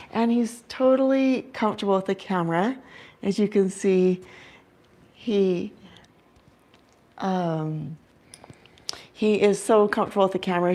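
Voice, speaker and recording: A young woman with a warm, medium-pitched voice chats casually on her livestream about her pet owl. She giggles and fills her speech with lots of "like."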